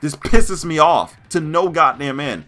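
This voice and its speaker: A man's voice: fairly high pitch, animated, unhurried, pushed and bright. A man ranting angrily in a gaming vlog, swearing and hammering his points with repetition. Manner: heated, swearing, emphatic repetition. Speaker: gaming YouTuber.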